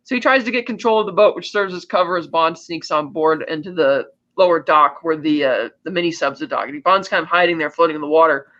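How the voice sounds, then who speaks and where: A man co-hosting a podcast, casually recapping a film's plot with animated storytelling and frequent restarts. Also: on the high side, quick pace, hardly any pauses. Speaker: podcast co-host. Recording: slightly muffled lo-fi audio.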